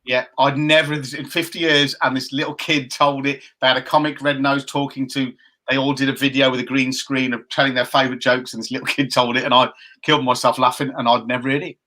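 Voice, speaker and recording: A man's voice: medium pitch, flat delivery, fairly quick, bright, forceful tone. A man in his fifties co-hosting a casual live chat show, chatty and jokey as he reads out viewer comments. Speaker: co-host.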